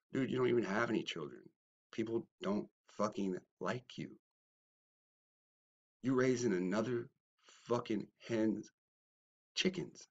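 A man ranting in a lo-fi callout video, his voice sitting in a middling register. He mocks his critics, dropping to low mutters and then bursting into shouts. The audio sounds dull and muffled. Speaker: YouTuber. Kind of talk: confrontational response video rant.

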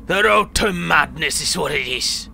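A crude, bitter old man in a wheelchair rants and swears in a raised, bright, gravelly voice, as a man puts him on. He rambles on for a video game, with a faint hiss behind him. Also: fairly high pitch, animated, a little slow, heavily acted. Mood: scornful.

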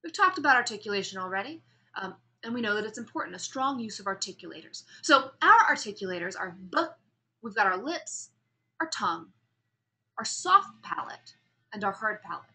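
A woman with a bright, forward voice teaches a speech class. She swings her pitch up and down to show contrast and calls on students with questions. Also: moderate pace. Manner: animated, demonstrates pitch and emphasis, asks students questions. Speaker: speech instructor. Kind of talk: classroom lecture.

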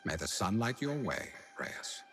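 Deep-voiced British-sounding leader, solemn and formal, video game, music underneath. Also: male voice, very animated, unhurried, a bit bright, heavily acted. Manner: grave, formal, aphoristic. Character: stern, measured male leader of a sun kingdom.

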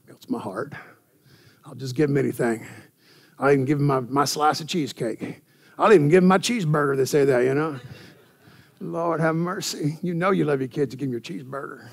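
A male pastor preaching a church sermon in an animated way, often repeating words and saying "amen". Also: on the high side, moderate pace, creaky.

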